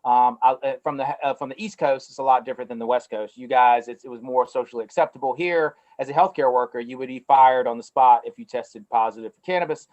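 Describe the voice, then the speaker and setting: A man's voice: mid-range voice, fairly even intonation, fast talker, hardly any pauses, darkish tone, lo-fi sound. A middle-aged man with a North Carolina Southern twang, telling stories in a casual interview over a video call. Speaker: guest, cannabis company CEO.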